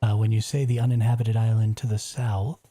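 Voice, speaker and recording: Mellow low-voiced man streaming a game. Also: level tone, fairly quick, slightly rough. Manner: chatty, reacts aloud and answers chat. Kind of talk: casual live gameplay commentary.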